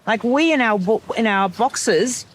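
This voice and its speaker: An Australian woman chatting as a podcast guest, explaining with lively energy and breaking into bird-call imitations. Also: a little high, unhurried, a little hiss or hum. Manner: animated explainer who imitates bird calls. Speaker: podcast guest, wilderness survivor. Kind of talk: casual chat.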